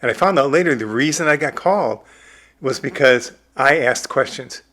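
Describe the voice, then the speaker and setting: A man's voice: mid-range voice, normal speed. A man in his sixties from the American Midwest, a film director telling stories from his career in a casual interview and acting out what people said. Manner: animated storyteller who acts out his own quotes.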